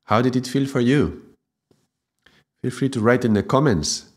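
A man teaching Kundalini Yoga in a gentle spiritual talk, often checking in with "yeah?". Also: medium pitch, moderate pace, breathy edge.

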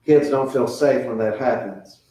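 A man's voice: mid-range voice, a little slow, mellow. A middle-aged man preaching as pastor, talking earnestly and conversationally about raising children, with quoted voices mixed in. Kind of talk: sermon. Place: church sanctuary. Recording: echoey church, mic from a distance.

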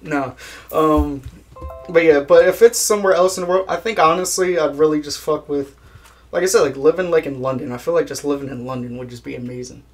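A man's voice: a little high, steady tone, fairly quick, soft background music. A young man chatting casually in an interview, laid-back, swearing a lot and laughing at his own jokes. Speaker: guest musician.

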